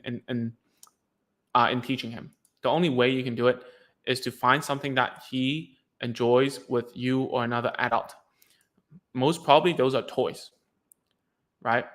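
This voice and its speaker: A man talks parents through their child's speech habits in a relaxed, informal advice video. He rambles a little, restarts his sentences and drops in casual slang. His voice sits at an everyday middle pitch. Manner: loose and chatty, lots of fillers and restarts, says "dude". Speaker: speech therapy coach answering parents' questions.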